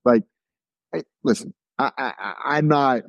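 A man speaking as a guest in a casual panel discussion, halting and exasperated with many restarts. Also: mid-range voice, vocal fry, no echo.

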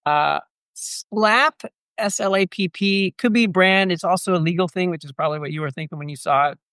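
A man in casual chat with friends, speaking hesitantly with frequent pauses and fillers. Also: high voice, bright, forceful tone, smooth, dry recording, clean studio sound. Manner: hesitant, halting, full of fillers.

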